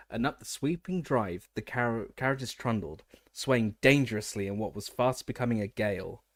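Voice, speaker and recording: A man's voice: mid-range voice, dry recording, studio quality. A man reading a fantasy novel aloud as an audiobook narrator, often stumbling and restarting words.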